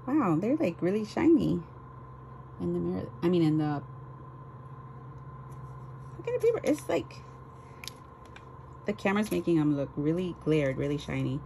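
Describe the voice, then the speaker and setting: A woman's voice: on the low side, expressive, moderate pace, creaky, long pauses, dark tone, slight background noise, poor audio. A woman chatting casually as she unboxes craft swap items on her vlog, gushing and exclaiming over each one. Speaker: crafting vlogger.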